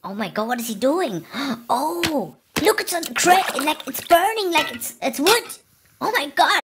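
A woman hosting a reaction video, excitable, gasping and laughing with constant exclamations over the clips. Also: extremely high pitch, unhurried. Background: clip sound and music playing.

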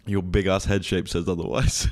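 A man's voice: low-pitched, little pitch movement, moderate pace. A young man co-hosting a podcast, answering with dry, skeptical wisecracks in casual chat. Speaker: podcast co-host.

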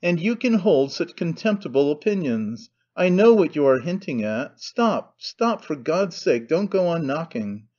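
A man's voice: a little high, big pitch swings, measured pace, hardly any pauses, dark tone, lo-fi sound. A man voicing a panicky, nervous man who stammers out fussy protests. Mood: alarmed.

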